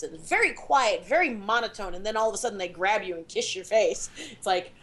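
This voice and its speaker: A woman co-hosting a podcast, chatting casually and animatedly, acting out quotes. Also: medium pitch. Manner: animated, quick asides and acted-out quotes. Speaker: podcast co-host. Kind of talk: casual chat.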